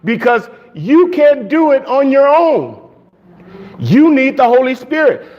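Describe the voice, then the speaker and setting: A male pastor preaching a sermon in an animated way, laughing often and shouting for emphasis. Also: extremely high pitch, slow pace, highs cut off.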